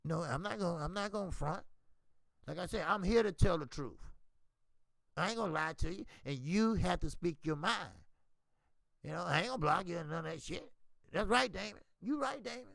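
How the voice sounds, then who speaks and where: A man's voice: high-pitched, a little fast, creaky, no room sound. A man hosting a casual, profane boxing talk stream, answering viewers by name. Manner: profane, animated, talks back to viewers by name. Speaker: boxing channel host.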